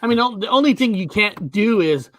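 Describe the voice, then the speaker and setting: A man hosting a podcast, chatting casually with his guest, halting with frequent uhs and self-corrections. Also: high voice, animated. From United States, Washington state. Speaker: podcast host. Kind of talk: casual interview chat.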